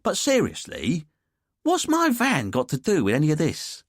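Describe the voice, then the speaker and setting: A man's voice: a little high, wildly swooping pitch, moderate pace, no room sound, studio quality, voice pushed up. A man voicing a cagey, defensive male suspect with a London accent in an audiobook. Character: evasive cocky male rum seller from Essex.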